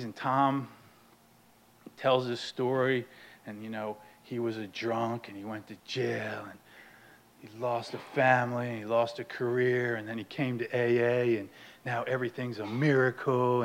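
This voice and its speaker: Guy sharing his story at a meeting, self-deprecating, laughs a lot, middle-pitched voice. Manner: swings between hushed and animated. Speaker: speaker sharing at a recovery meeting. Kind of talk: personal storytelling.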